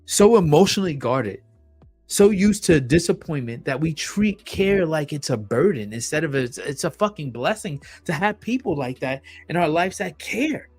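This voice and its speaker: A man's voice: a little high, lively intonation, normal speed, a little mellow, slightly rough, faint music behind. A man hosting a solo podcast, blunt and emphatic, swearing often and repeating himself for effect. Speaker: podcast host.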